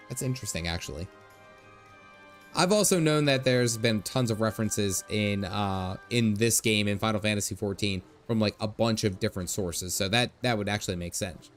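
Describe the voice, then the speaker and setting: A man chatting casually while livestreaming a video game, telling stories with laughs and asides. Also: on the low side. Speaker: gaming livestreamer. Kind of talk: casual chat over gameplay. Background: faint game music.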